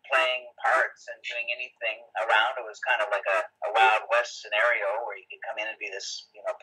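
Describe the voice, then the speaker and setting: A man's voice: medium pitch, pushed and bright, breathy edge, poor audio. A man as an interview guest on a video call, explaining things in a casual, hesitant way with many fillers and restarts.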